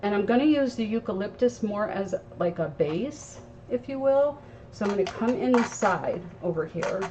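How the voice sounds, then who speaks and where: Her medium-pitched voice is expressive and moderately paced, picked up by a distant mic that leaves the audio dull and faintly noisy. She hosts a live crafting tutorial, talking viewers through the work at her craft table in a chatty, instructive way.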